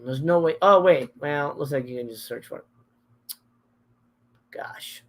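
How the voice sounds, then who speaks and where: A man's voice: a little high, a little slow. Candid, cursing live-stream host, a man. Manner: candid and emotional, swears often, trails off and restarts. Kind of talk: casual live-stream chat, reading viewer comments.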